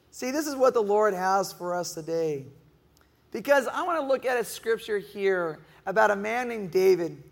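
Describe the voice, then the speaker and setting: A middle-aged man preaches from the pulpit in a hall with a long, ringing reverb. His voice sits high and has a gravelly edge. He keeps asking the congregation questions and now and then acts out a whiny, moaning voice. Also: lively intonation, moderate pace. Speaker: pastor. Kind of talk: sermon. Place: church hall.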